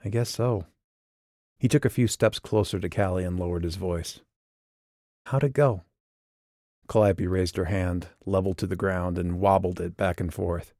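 Gravelly, low-voiced male narrator. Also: level tone, normal speed, hardly any pauses, mellow, no room sound, clean studio sound. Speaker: audiobook narrator. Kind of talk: scripted audiobook narration.

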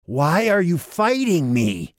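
A man voicing a whip-thin, scowling, bitter man who sneers and strains close to a shout. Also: sits low, a little slow, gravelly, dry recording, exaggerated voice. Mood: bitter, sneering.

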